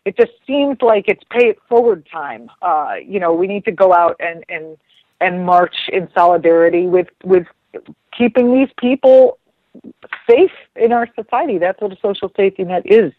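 A woman with a medium-pitched voice speaks at a normal speed as a guest commentator on a radio talk show. She chats casually and rambles, restarting often. There's no echo, but the radio sound is dull and lo-fi.

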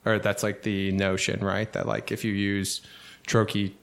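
A man co-hosting a podcast who explains things in a rambling way full of fillers. His voice sits on the low side. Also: little pitch movement, measured pace, gravelly, a bit bright, clean tone. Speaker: podcast co-host. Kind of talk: casual explanation.

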